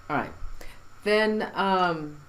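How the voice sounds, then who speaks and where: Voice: mid-range voice, extremely slow, a bit bright, rough recording. Distracted host fumbling through files. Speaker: interviewer playing audio clips. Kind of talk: casual interview chat.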